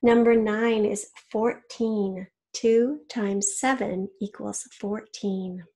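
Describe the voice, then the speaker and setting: A woman teaching and dictating a children's spelling test, reading each word slowly in an example sentence and giving spelling hints. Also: medium pitch, fairly even intonation, dark tone, husky.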